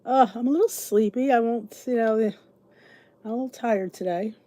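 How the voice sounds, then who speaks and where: A woman's voice: on the high side, normal speed, mellow, dry recording. A middle-aged woman hosting a casual livestream chat, greeting viewers by name and chatting freely. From United States. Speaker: host.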